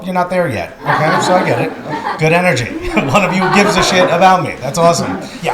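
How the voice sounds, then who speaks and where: A man from Newark doing a brash, self-mocking stand-up set in a restaurant. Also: on the high side. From Newark, New Jersey. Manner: brash, self-mocking, acts out loud indignant retorts. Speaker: stand-up comedian. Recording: echoey room with loud background noise. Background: crowd laughter.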